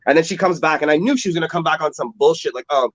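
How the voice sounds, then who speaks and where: A man's voice: on the high side, rapid-fire, no echo. A man on a podcast telling stories in casual chat, acting out the people he quotes and swearing freely. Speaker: podcast co-host. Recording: dull lo-fi sound.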